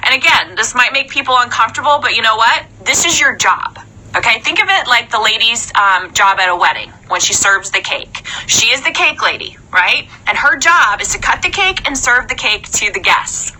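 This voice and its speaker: A young woman in a chatty, animated live-stream coaching talk, often checking in with "okay?". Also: a little high, moderate pace, slight background noise, low-quality recording. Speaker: sales trainer.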